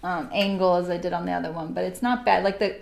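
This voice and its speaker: A woman's voice: lowish voice, steady tone, quick pace, gravelly, a little mellow. A middle-aged woman hosting a live sewing stream, chatting casually and laughing often as she works. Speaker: sewing livestream host.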